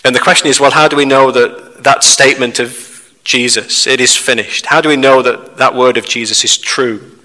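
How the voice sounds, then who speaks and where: A man preaching a sermon, measured and steady, putting questions to the listeners. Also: mid-range voice. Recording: reverberant hall.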